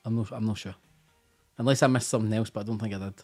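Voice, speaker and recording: A man's voice: fairly low pitch, steady tone, rapid-fire, darkish tone. A Scottish man hosting a casual live-stream quiz, chatty and teasing, tired after a busy day, over faint music. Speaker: quiz host.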